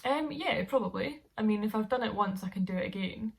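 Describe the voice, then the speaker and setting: A woman's voice: medium pitch, expressive, fairly quick, gravelly. A young woman, telling a story to camera in a chatty, rambling way with frequent laughs. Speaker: vlogger.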